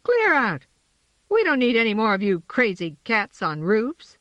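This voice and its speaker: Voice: sits high, very animated, moderate pace, sharp tone, dry recording, pitched above the performer's own voice, full character voice. A storybook narrator voicing an indignant, rude female starling who scolds sharply, in a slightly dull, dry recording.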